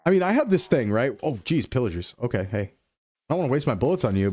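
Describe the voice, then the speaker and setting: A young man chatting casually while streaming a game, playful and quick to drop into goofy voices. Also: mid-range voice, expressive, a little mellow, no room sound. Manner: playful, jumps into goofy voices and dub impressions. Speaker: VTuber streamer. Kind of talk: casual gaming chat.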